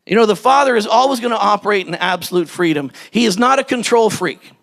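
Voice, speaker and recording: A man preaching a sermon as a pastor, animated, acting out the story's voices and shouting at the high points. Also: quick pace, vocal fry. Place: church hall. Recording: church hall with long reverb.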